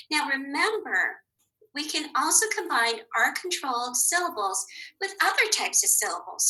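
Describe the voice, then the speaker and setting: A woman teaching a phonics lesson to young children, patient and encouraging, sounding out words slowly. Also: a little high, bright, forceful tone, rough recording.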